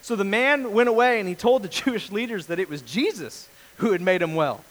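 A man's voice: high voice, a little fast, low-quality recording. A male pastor giving a casual, jokey sermon, acting out the people in the story. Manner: animated storyteller, acts out voices, jokey.

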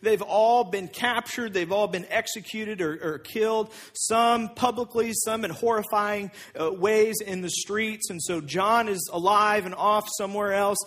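High, husky-voiced preacher. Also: male voice, a little slow, few pauses, fairly bright tone. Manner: conversational, with asides and restarts. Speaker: pastor. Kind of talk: sermon.

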